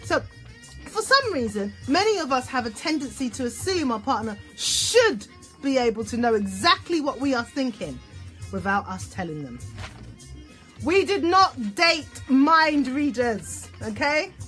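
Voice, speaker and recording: A woman relationship therapist giving an instructional talk, animated, checking in often with "okay?" and acting out example phrases. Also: a little high, moderate pace, soft background music. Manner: acts out example phrases in voices.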